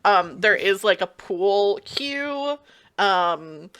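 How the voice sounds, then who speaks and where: A woman's voice: medium pitch, expressive, extremely slow, fairly bright tone, smooth. A woman playing a tabletop game, describing her scene hesitantly, giggling, with many fillers. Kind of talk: casual role-play narration.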